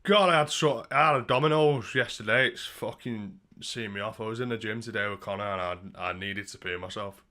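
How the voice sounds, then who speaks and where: A young man chats crudely with his livestream viewers, rambling loosely and swearing freely. His voice sits fairly low. He talks from a room at home. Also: brisk, hardly any pauses, pushed and bright. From Britain. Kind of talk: casual livestream chat.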